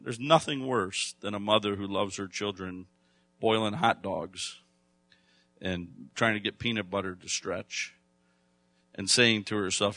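A man preaching a sermon to his congregation, speaking conversationally and then rising to loud, emphatic bursts. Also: lowish voice, a little slow, no room sound. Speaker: pastor.

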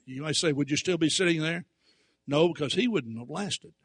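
A man preaching through a personal story, animated, dropping to quiet asides and rising to loud emphatic outbursts. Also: on the high side, moderate pace, vocal fry, husky, no room sound. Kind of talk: storytelling sermon.

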